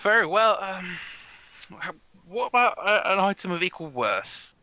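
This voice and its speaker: A shrill, bossy mother bellows and scolds her grown son, voiced by a man in a high, lively voice. It comes through a dull, lo-fi recording. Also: normal speed, no echo, exaggerated voice. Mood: exasperated. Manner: shouting, scolding.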